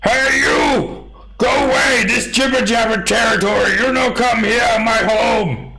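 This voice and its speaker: A man voicing a dim, greedy two-headed male giant who shouts in broken grammar. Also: very high voice, fairly even intonation, measured pace, roomy sound, heavy background noise, voice pushed up. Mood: hostile.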